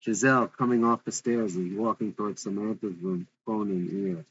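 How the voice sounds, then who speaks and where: A man's voice: lowish voice, steady tone, normal speed, highs cut off. A man reading a script aloud with its stage directions, in a plain, matter-of-fact way.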